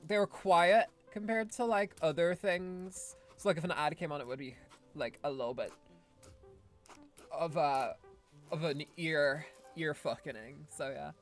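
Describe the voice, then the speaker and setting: A woman's voice: low-pitched, measured pace, faint music behind. Rambling woman streamer. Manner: rambling, self-interrupting, laughs often. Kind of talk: casual gameplay commentary.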